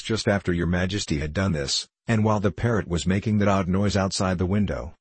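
A man reading the part of a crippled dwarf jester in an audiobook, with a quiet, subdued manner. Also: low voice, breathy edge, no echo.

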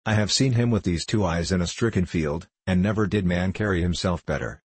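A swaggering soldier's voice, deep and husky, full of hearty boasts, as a male storyteller puts him on. The sound is close and dry, with no room around it. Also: a little fast, dry recording. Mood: hearty boasting. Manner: hearty, boastful, free-spoken.

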